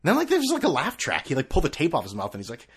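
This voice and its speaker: Sarcastic rambling man, lively pitch. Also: very fast, slightly rough. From US East Coast. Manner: sarcastic, scattered, swears freely. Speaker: podcast host. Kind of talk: rambling solo sports podcast.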